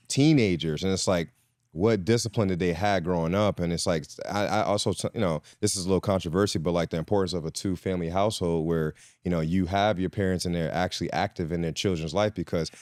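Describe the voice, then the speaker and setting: A man's voice: deep voice, a little mellow, dry recording, studio quality. A man from the Caribbean, a podcast guest, talking in a laid-back, reflective, rambling way. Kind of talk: casual interview chat.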